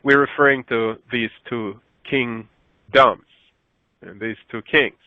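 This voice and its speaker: A man's voice: slow pace, no echo. Man teaching scripture over a thin phone-like line. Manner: rises in pitch when reading scripture aloud, self-correcting. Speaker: Bible teacher. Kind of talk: scripture lesson with slides. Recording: dry, phone-like narrow sound.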